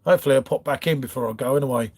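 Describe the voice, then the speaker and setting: A man's voice: medium pitch, racing. A man hosting a casual livestream from his front room, rambling through viewer comments and calling everyone mate. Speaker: livestream host. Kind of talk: casual live chat reading comments.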